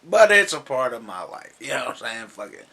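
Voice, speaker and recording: A man's voice: medium pitch, sing-song, a little fast, pushed and bright. A man who says he is drunk, casually counting down his favorite comedies in a loose, rambling, profane way, laughing often. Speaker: movie vlogger.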